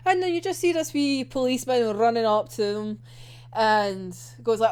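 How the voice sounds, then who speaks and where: Young woman gushing about an anime ep, super animated voice, high pitched, slow-ish. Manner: excitable, gushing, laughs often. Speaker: anime reviewer. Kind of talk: casual episode discussion.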